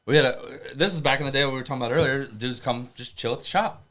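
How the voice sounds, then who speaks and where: A man's voice: mid-range voice, fast talker, a bit bright. Regular guy, mid voice, cussing and rambling through old stories. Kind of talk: casual storytelling.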